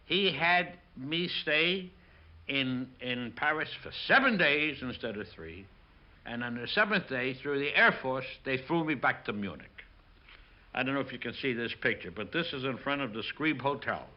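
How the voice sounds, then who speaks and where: An older man sits for an interview, spinning lively stories and acting out the voices of the people in them. His pitch sits in an ordinary middle range. The recording is a little dull and lo-fi. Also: normal speed. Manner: lively storyteller acting out quotes. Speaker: film director. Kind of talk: interview recollection.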